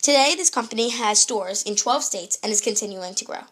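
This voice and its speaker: A woman's voice: a little high, brisk, fairly bright tone. A young woman presenting a scripted food show in an upbeat, read-aloud presenter tone.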